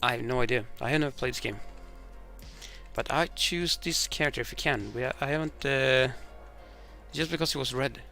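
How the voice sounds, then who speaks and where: A man playing a board game alone, reading the rules and story cards aloud and thinking out loud with hesitant restarts. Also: medium pitch, a little fast, gravelly, faint music behind. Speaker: board game player demonstrating a game.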